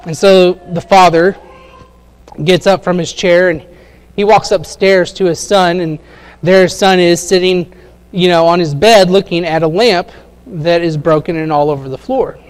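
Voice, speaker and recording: A man's voice: sits high, fairly even intonation, unhurried, clear, resonant tone. A man preaching a sermon in a conversational way, with many fillers and questions to the congregation.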